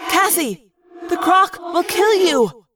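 A woman voicing a shrill, panicked teenage girl in an audiobook reading. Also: slow, background noise. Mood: frantic. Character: frantic teenage girl mid-transformation. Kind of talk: audiobook character voice.

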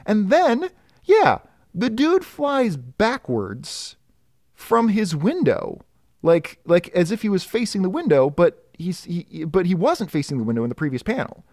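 A man's voice: high-pitched, sing-song, measured pace, darkish tone, no room sound, clean studio sound. A man co-hosting a casual podcast, critiquing a comic with exasperated, nitpicking energy. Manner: exasperated, picks apart details. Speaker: podcast co-host reviewing a comic.

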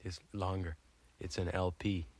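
In an improvised sketch for a comedy album, a male actor with a low voice plays a dim Canadian hoser who gets flustered easily. His delivery is flat and unhurried as he rambles and bickers in a Canadian accent, padding everything with fillers.

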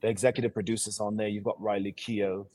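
A man's voice: lowish voice, little pitch movement, fast, a little mellow, no echo. A man from Sierra Leone speaking with a put-on English accent, an actor talking energetically and boastfully as a guest co-host. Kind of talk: casual interview chat.

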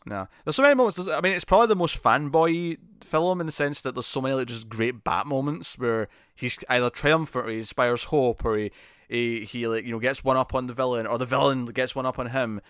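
Casual male podcaster, animated and rambling, middle pitch, dry mic. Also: a little fast, clear, resonant tone, dry recording. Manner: animated, rambling with many restarts. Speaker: podcast co-host. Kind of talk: casual film discussion.

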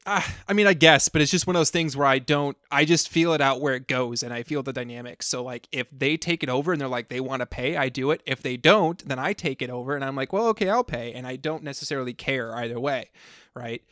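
A man co-hosting a podcast, telling a story in a rambling, animated way with frequent restarts. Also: medium pitch, fast, no echo, studio quality. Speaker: podcast co-host. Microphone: close podcast mic, sometimes leaning away.

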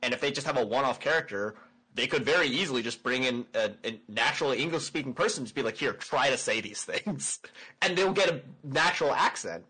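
Casual co-host, male, bright tone, animated, restarts sentences with repeated words. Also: medium pitch, poor audio. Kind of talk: casual chat.

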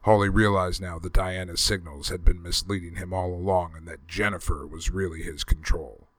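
A man reading a story aloud in a steady, measured way. His voice sits very low. The recording is dry and close, with no room sound. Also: dry recording. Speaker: audiobook reader. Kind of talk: scripted narration.

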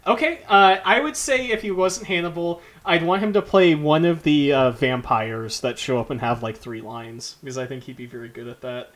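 Jokey male podcast co-host, slightly high. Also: normal speed, hardly any pauses, a bit bright. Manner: jokey, upbeat wrap-up banter. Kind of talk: casual chat.

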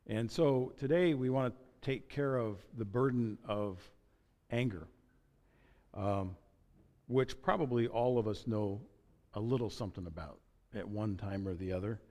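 A man's voice: lowish voice, unhurried, dark tone, long reverb tail. A man preaching a sermon as pastor, conversational and joking, with asides and restarts.

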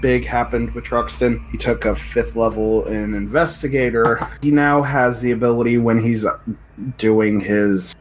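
A man acting as game master, explaining rules and story in a relaxed, lightly wry way. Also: medium pitch, measured pace, slight background noise, poor audio. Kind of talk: running a tabletop game session.

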